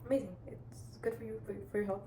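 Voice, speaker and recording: A woman's voice: medium pitch, steady tone, fast talker. Chatty teen girl in an echoey room. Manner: rambling, chatty, many restarts and "like" fillers. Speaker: vlogger. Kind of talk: casual advice vlog. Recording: echoey room with clear background noise.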